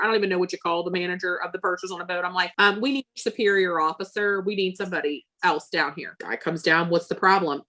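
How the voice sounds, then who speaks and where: A woman's voice: lowish voice, quick pace, few pauses. A woman telling a long story as an interview guest, acting out the voices of the people she quotes. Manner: animated, acts out quoted exchanges. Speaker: interview guest, former seller.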